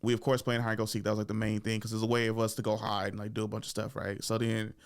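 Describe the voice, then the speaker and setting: A man's voice: lowish voice, completely flat delivery, very fast, clean tone. A man, a stand-up comic hosting his show, telling childhood stories in slangy casual talk, laughing often and acting out voices. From San Francisco Bay Area. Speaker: stand-up comic and podcast host.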